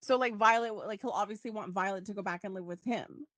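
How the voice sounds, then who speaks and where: A woman co-hosting a podcast in a casual, excitable chat, often quoting others in put-on voices. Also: mid-range voice, fast, no room sound. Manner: excitable, quotes characters in voices. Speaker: podcast co-host. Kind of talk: casual chat about a soap opera.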